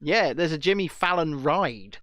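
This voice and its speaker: A man with a high voice that leaps up and down as he jokes. His tone is sharp and bright, and the recording is dry and close. He co-hosts a podcast in a mocking, opinionated style. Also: animated, unhurried. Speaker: podcast co-host. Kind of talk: casual podcast banter.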